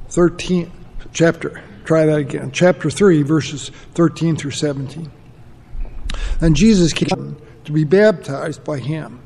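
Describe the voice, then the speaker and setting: A man reading a scripture passage aloud in church, steady after a stumbling start. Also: fairly high pitch, gravelly, long reverb tail. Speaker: scripture reader.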